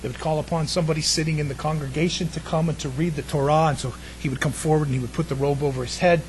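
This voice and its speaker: A man preaching a sermon to a congregation, chatty and lively, throwing in jokes and questions to the room. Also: fairly high pitch, fast, slight background noise, rough recording. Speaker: pastor.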